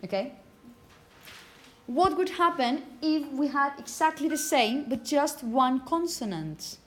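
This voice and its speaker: A woman's voice: high-pitched, lively intonation, slight background noise. Woman lecturing a phonetics class. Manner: checks in with frequent "okay?", repeats example words slowly. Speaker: phonetics teacher.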